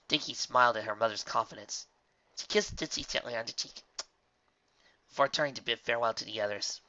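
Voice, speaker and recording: A man narrating a fan fiction audiobook with expressive storytelling. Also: mid-range voice, a little fast, dry recording, highs cut off. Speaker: reader.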